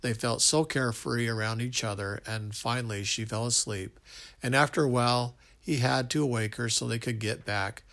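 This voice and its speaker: A man's voice: medium pitch, steady tone, normal speed, vocal fry, fairly bright tone. A man reading a love story aloud, stumbling now and then and restarting lines. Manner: unpolished reading with slips and restarts. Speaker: narrator.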